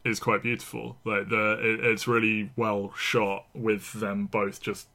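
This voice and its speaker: Chatty low-voiced man discussing films. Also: flat delivery, unhurried, creaky, sharp tone. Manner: chatty, laughs often, acts out characters' lines. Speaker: podcast co-host. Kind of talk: casual film discussion.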